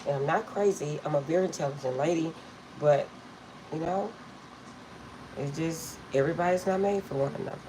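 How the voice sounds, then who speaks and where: A woman's voice: low-pitched, fairly quick, long pauses, noisy background. A middle-aged woman reading tarot, telling rambling stories to her viewers and laughing often. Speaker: tarot reader. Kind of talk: casual storytelling to viewers.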